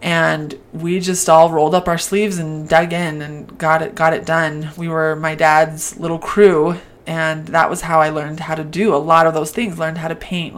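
A woman with a low voice hosts a casual talk. She speaks in a relaxed, conversational way and reflects on childhood stories. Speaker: podcast host and parent.

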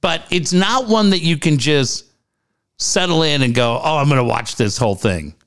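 A man's voice: on the high side, animated, moderate pace, fairly bright tone, clear, resonant tone. A man co-hosting a podcast, joking crudely and acting out quotes in casual chat. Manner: profane, joking, acts out quotes. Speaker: podcast co-host.

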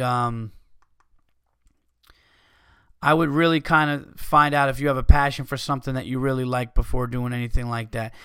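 A man's voice: medium pitch, a bit bright, clean tone, no room sound, clean studio sound. A man hosting a podcast, reading listener messages aloud in a loose, profane, casual way and stumbling over the text.

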